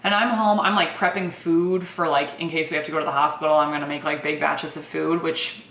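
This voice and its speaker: A young woman casually telling her birth story in a chatty, animated way, full of fillers. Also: deep voice, a little fast, vocal fry, roomy sound.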